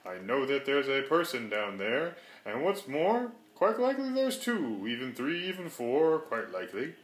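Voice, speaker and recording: A man's voice: mid-range voice, big pitch swings, moderate pace, lightly acted. A man voicing a kind, faithful elephant who talks earnestly and pleads as he reads a storybook aloud. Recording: roomy echo.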